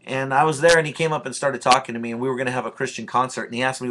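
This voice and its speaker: A man gives an informal talk about church as a pastor. He is blunt and plainspoken, with an easygoing storytelling manner. His voice sits at an ordinary middle pitch. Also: quick pace, fairly bright tone.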